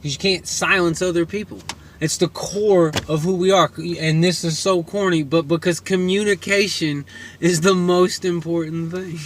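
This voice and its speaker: A man, a guest on a casual podcast, speaks earnestly in a fairly high voice. Steady background noise sits clearly under his words. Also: normal speed.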